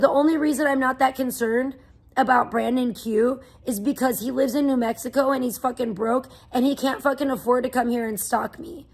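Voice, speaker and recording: High-voiced woman ranting on a livestream. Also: a little mellow, husky. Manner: profane, venting, rambling. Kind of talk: angry livestream rant. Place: home.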